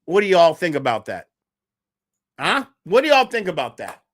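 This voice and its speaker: Man, sports stream host, high lively voice, bright tone, chatty, laughs a lot. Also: normal speed. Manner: animated, laughing, talks to chat and co-hosts; scattered, juggling links and texts. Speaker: podcast host. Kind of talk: casual live-stream sports talk.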